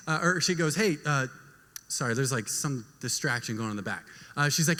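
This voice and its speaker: A young man telling a lively story to a young adult group, acting out family members' voices along the way. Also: mid-range voice, normal speed. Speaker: youth speaker. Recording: long hall reverb.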